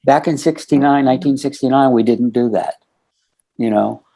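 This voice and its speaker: At medium pitch and normal speed, this man speaks with a creaky, dark tone. In his sixties and from the United States, he's a podcast guest in a storytelling interview, relaying a long story through lots of quoted exchanges.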